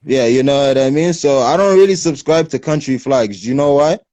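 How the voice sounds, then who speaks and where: A man with English speech tinged with an American lilt, hosting a casual livestream chat and explaining things in an animated way with street slang, on a phone mic. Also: mid-range voice, a little fast, dry recording. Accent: English with a slight American lilt. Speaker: livestream host.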